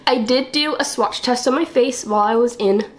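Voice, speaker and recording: A woman's voice: on the high side, moderate pace, a little hiss or hum. A young woman getting over a cold, chatting casually through a makeup vlog with a cough drop in her mouth, full of "um" and "like". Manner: chatty, lots of "um" and "like". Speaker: beauty vlogger. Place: small temporary filming room indoors.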